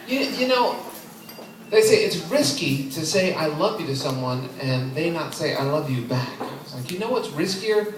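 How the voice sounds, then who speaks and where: A man in his twenties performing an open mic stand-up set, deadpan and self-deprecating, chuckling at his own jokes. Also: high-pitched, moderate pace, far from the mic. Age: 20s. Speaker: stand-up comedian. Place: comedy club stage. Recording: echoey club heard from afar, crowd noise. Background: audience laughing.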